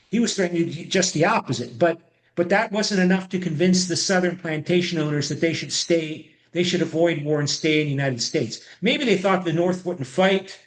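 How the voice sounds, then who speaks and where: A high-voiced man lectures on history to an online class, circling back on his words and restarting sentences. His voice carries a roomy echo through a video call microphone. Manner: rambling, many restarts and repeated words. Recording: echoey room.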